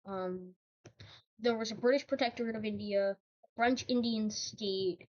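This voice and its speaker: A woman's voice: mid-range voice, measured pace, lo-fi sound. A woman casually narrating over a map, hesitant, with frequent ums and self-corrections.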